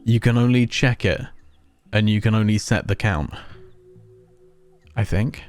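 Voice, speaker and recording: A man's voice: lowish voice, unhurried, a little mellow, faint music behind. A man streaming a video game, chatting casually and rambling with his co-host. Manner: chatty, rambling, self-mocking. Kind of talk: casual let's play commentary.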